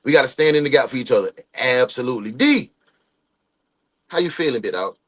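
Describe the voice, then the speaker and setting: A man's voice: medium pitch, expressive, fairly quick. A man in his forties hosting a casual livestream, greeting viewers by name and giving loose, slangy motivational talk. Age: 40s. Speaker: livestream host.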